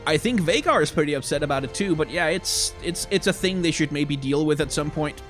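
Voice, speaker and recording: A young man from Denmark with a faint Danish accent, chatting casually on a live stream and reading out donations, excitable and swearing freely. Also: fairly high pitch, a little fast, faint music behind.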